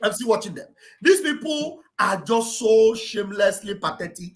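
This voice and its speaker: A man's voice: high-pitched, expressive, normal speed, low-quality recording. Nigerian male host; casual, scornful chat. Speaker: livestream host.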